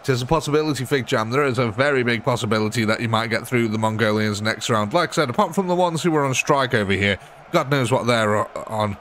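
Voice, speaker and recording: Here a British man runs a live gaming stream, speaking fast in a mid-range, fairly bright voice with slight hiss or hum in the background. Jokey and chatty, he narrates the battle and answers his viewers in chat.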